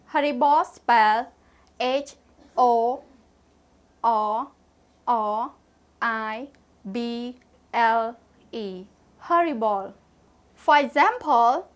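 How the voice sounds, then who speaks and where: A young woman teaching English words in a lesson, spelling each word letter by letter and repeating it. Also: fairly high pitch. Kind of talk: slow vocabulary lesson with spelling and repetition.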